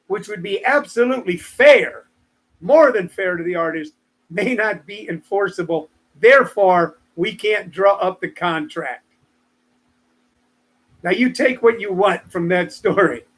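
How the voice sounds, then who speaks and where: A man's voice: sits high, a bit bright. A man in his sixties, a comedian hosting his live stream, rambling through stories and joking asides to viewers. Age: 60s. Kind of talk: casual live-stream monologue.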